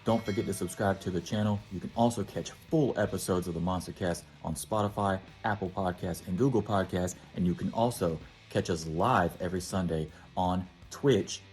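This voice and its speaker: A man's voice: low-pitched, normal speed, hardly any pauses, a little mellow, soft background music. A man reading a scripted, upbeat promotional outro for a podcast.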